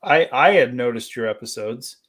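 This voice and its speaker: A man joins a casual livestream as a guest, speaking at an ordinary middle pitch. He thinks out loud and softens his points with "I think" and "like". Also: moderate pace. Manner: thoughtful, hedging with "I think" and "like".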